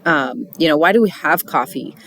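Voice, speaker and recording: A woman's voice: low-pitched, expressive, moderate pace, a bit bright. A middle-aged woman speaking to church volunteers in an earnest, chatty devotional talk, with many fillers and restarts.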